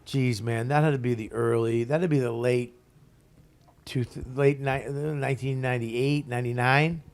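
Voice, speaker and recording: A comedian in his forties telling a story in casual conversation, profane and animated, laughing as he goes. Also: medium pitch, moderate pace. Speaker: guest comedian.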